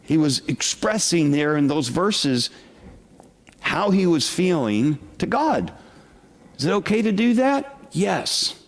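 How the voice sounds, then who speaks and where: A man's voice: a little high, sing-song, slow pace. A man preaching a sermon to a congregation as their pastor, talking conversationally and asking the listeners questions. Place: church sanctuary with congregation. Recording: long reverb of a large hall.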